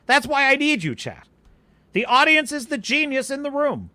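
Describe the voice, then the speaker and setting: Guy hosting a live stream, rambly, answers chat, bright voice that swoops around a lot. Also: very high voice, moderate pace, no room sound. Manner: animated, rambling, restarts sentences. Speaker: podcast host.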